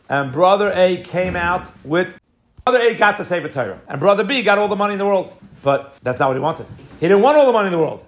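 A rabbi teaching a Torah class at a brisk clip, his voice sitting a little high for a man. He tells the story in a lively way and drops Hebrew and Yiddish terms into his English.

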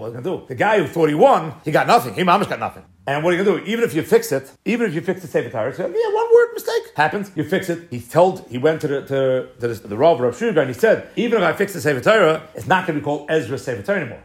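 A rabbi teaching a Torah class at a brisk clip, his voice sitting a little high for a man. He tells the story in a lively way and drops Hebrew and Yiddish terms into his English.

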